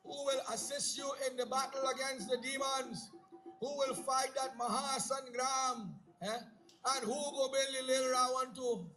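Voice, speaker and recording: A man's voice: extremely high pitch, steady tone, moderate pace, pushed and bright, soft background music, rough recording. A man voicing a loyal young prince earnestly pleading to follow his brother.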